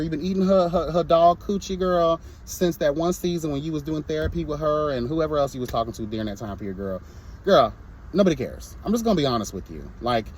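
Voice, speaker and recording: A man's voice: on the high side, a little mellow. A young man reviewing a reality show in a casual vlog, sassy and blunt, breaking into mocking impressions.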